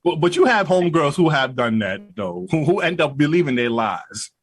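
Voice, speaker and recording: A man's voice: on the high side, sing-song, normal speed, husky, no echo. A man in casual podcast chat who argues his side and stammers repeated words as he jumps in. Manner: argumentative, stammers repeated words when jumping in.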